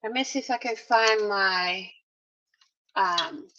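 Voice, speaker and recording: A woman's voice: mid-range voice, takes it slowly, bright, forceful tone. A woman narrating a casual crafting tutorial, chatty and talking straight to her viewers with playful little exclamations, in a dull lo-fi recording. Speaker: craft vlogger.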